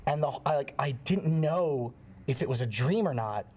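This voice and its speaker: A man's voice: medium pitch, lively intonation, moderate pace, darkish tone. A man telling a story on a podcast in a laid-back way, full of fillers. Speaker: podcast guest or regular. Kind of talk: casual storytelling.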